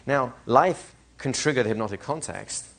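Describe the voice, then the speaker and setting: A man lecturing a live class as a hypnosis trainer, animated, asking the room questions and acting out little scenes. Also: medium pitch, moderate pace, gravelly.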